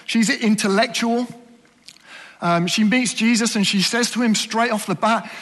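Male preacher, high voice, earnest, asks the room questions, long hall reverb. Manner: earnest, questioning, drops to soft slow emphasis. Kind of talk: sermon.

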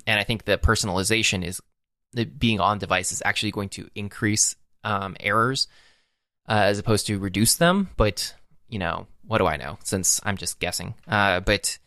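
A man's voice: lowish voice, bright, forceful tone, clear, resonant tone, no echo, studio quality. A man co-hosting a podcast, chatting casually about tech, rambling with many fillers and restarts. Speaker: podcast co-host.

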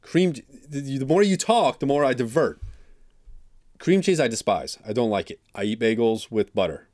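A man's voice: medium pitch, animated, normal speed, a little mellow, dry recording, studio quality. A man co-hosting a casual chat show, joking and rambling with mock outrage. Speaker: podcast co-host.

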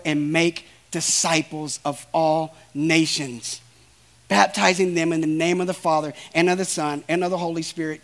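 Male preacher, sermon delivery, pitched high with a raspy fry, talks straight to the congregation. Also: a bit bright. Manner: earnest, emphatic, addresses listeners directly.

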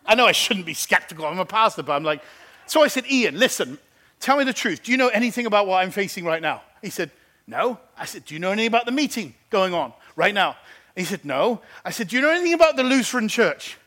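A man preaching as pastor, telling a story and acting out the people in it, animated and lively. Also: high-pitched, quick pace. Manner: animated, acts out phone conversations. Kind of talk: sermon storytelling. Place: church.

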